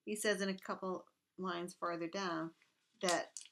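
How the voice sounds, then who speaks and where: A woman with a notably low voice lectures on a text in a relaxed, conversational way. She reads quoted lines aloud, then drops into quick, chatty commentary. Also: slight background noise. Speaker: literature teacher. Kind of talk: casual recorded lecture.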